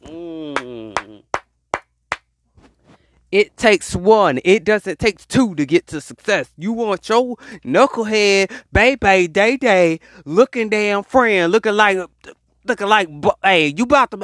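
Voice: medium pitch, takes it slowly, dry recording. Slangy, preachy spiritual speaker with a dry sound. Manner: animated, slangy, rambling and preachy. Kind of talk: spiritual pep talk. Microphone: voice message recording.

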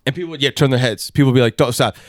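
A man talking loosely and at length, circling his point with plenty of fillers and some swearing. His pitch sits in an ordinary middle range, and the sound is close and dry with little room around it. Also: rapid-fire, no room sound. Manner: rambling, swears, many "like" fillers. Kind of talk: casual chat.

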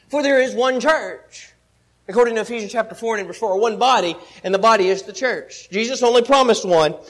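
High-voiced man preaching a sermon. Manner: earnest teaching, repeats key points.

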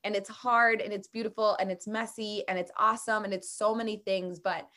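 A woman's voice: medium pitch, level tone, brisk, sharp tone. A young woman hosting a podcast, chatty, candid and bubbly as she shares stories with a guest. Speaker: podcast host. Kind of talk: casual podcast chat.

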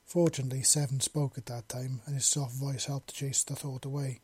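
Husky man narrating a story. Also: medium pitch, level tone, fairly quick, a little mellow.

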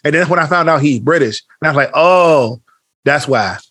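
A man's voice: a little high, very fast, sharp tone, no echo, studio quality. A man co-hosting a podcast, talking in a blunt, slangy, opinionated way in casual chat. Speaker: podcast co-host.

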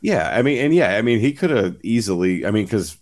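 Low-voiced man rambling through a story. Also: lively intonation, a little fast. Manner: rambling storyteller, lots of fillers and swearing. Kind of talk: casual chat.

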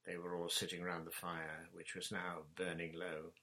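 A man narrating a children's story chapter in a measured, plain reading voice. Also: sits low, completely flat delivery, bright, forceful tone, poor audio. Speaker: audiobook narrator.

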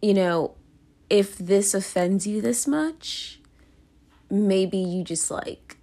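A woman's voice: mid-range voice, expressive, takes it slowly, mellow. A young woman hosting her own podcast, talking through her feelings in a rambling, self-conscious way full of fillers and restarts. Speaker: podcast host. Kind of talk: casual confessional monologue.

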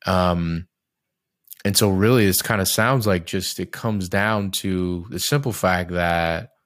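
A man with a very low, deep voice, recorded close and dry with no room sound. He talks in a loose, reflective way, circling back and restarting phrases while he works his thoughts out. His tone is candid and unguarded, with an occasional casual curse. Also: takes it slowly, a bit bright, dry recording. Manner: swears casually. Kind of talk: casual podcast conversation.

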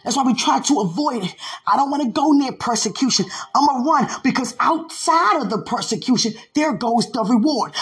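High-voiced woman preaching a fervent sermon. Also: slightly rough. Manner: declamatory, repeating refrains, sometimes shouting. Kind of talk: fervent sermon over music.

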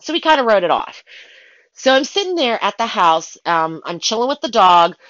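Animated woman telling pet-sitter stories. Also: a little high, moderate pace, no echo, lo-fi sound. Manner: animated, dramatic retelling with excited asides. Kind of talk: casual storytelling.

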